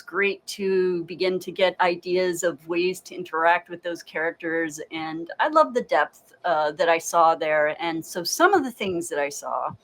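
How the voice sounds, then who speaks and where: A woman's voice: lowish voice, fairly bright tone, low-quality recording. A woman game master chatting casually about a tabletop game, enthusiastic and full of praise, with many fillers.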